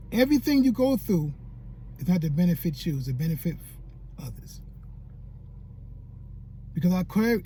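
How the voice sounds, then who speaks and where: A man's voice: high-pitched, mellow, breathy edge. A man in a casual vlog telling a painful personal story, tearful, colloquial and repeating himself. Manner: colloquial, repetitive, heartfelt. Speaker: YouTube creator.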